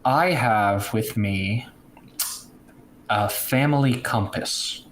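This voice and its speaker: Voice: mid-range voice, very slow, slight background noise. A player in a tabletop game who speaks thoughtfully and tentatively.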